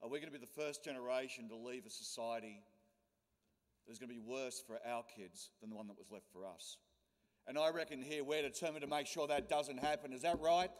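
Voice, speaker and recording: A man's voice: medium pitch, steady tone, brisk. An Australian man, a union leader, giving a rousing speech to a conference crowd. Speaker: union leader, keynote speaker. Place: large conference hall. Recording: long hall reverb.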